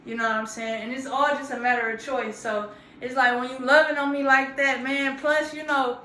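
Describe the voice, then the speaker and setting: A woman around thirty, casually telling a story to camera in an animated, profane, slangy way. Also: sits high, normal speed, slight background noise. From grew up in Georgia, US South. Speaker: vlogger. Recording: roomy echo.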